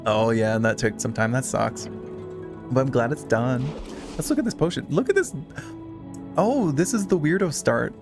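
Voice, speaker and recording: Gravelly, chatty male streamer. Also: mid-range voice, expressive, moderate pace, music in the background. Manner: chatty, swears freely, reads game text aloud. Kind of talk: casual live-stream chat while gaming.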